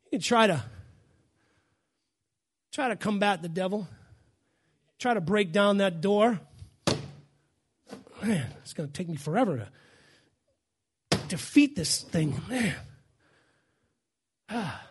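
A man preaching a sermon as pastor, fiery and emphatic, shouting and repeating his phrases in a church. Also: sits high, expressive, slow pace, long pauses, background noise.

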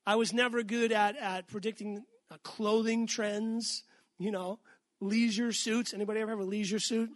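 A middle-aged man from Massachusetts preaching a conversational sermon, asking the congregation questions and slowing down when he reads scripture. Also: high voice, little pitch movement, dry recording, studio quality. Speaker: pastor.

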